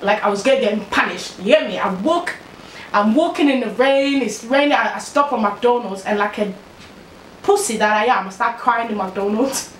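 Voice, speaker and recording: A young woman telling a storytime vlog in a lively, slangy way, laughing as she goes. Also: on the high side, normal speed, a little hiss or hum. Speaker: vlogger. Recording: echoey room, distant mic.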